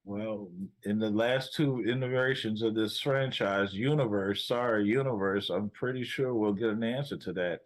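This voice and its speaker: A man co-hosting a casual movie review chat, relaxed, with joking asides and laughter. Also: on the low side, moderate pace, hardly any pauses, poor audio.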